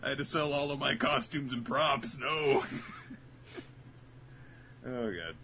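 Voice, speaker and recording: A man's voice: mid-range voice, slow pace. Wisecracking man on a noisy podcast mic. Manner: dry wisecracks, reads questions aloud. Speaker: podcast co-host reading listener questions. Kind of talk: casual podcast banter. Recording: noisy recording.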